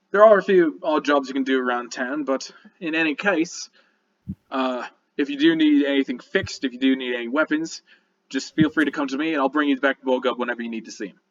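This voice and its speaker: A man playing a polite, quick-talking townsman. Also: mid-range voice, muffled recording, natural voice. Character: helpful male townsman who fixes weapons.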